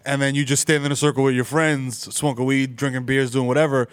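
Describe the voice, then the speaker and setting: A man's voice: mid-range voice, level tone, a little fast, clear, resonant tone, no room sound. A man, a comedian hosting a podcast, rambling with lots of fillers. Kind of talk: casual chat.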